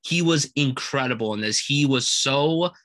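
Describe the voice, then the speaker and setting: Bright-voiced young man gushing about a film. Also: medium pitch, a little slow, dry recording. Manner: enthusiastic, quotes lines in loud put-on voices. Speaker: film podcast co-host. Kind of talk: casual film review chat.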